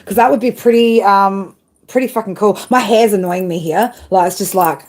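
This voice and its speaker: A woman giving a live tarot reading outdoors chats informally on stream, her mid-range voice slightly mellow at a normal speed. She frequently laughs and ends sentences with "right?". The recording quality is low.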